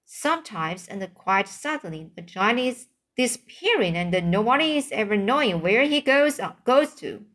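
A woman reading aloud as a huge, kindly old male giant with muddled grammar, halting over some words. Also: on the high side, very animated, fairly bright tone. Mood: earnest.

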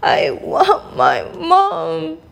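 A woman's voice: extremely high pitch, vocal fry, pitched above the performer's own voice, full character voice. A woman doing a wailing little princess. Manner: drawn-out wailing. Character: whiny little girl princess, clingy.

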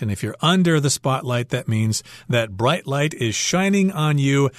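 A man's voice: medium pitch, animated, moderate pace, dry recording, studio quality. A man teaching English on a radio lesson, explaining words and lines of dialogue with patient everyday examples.

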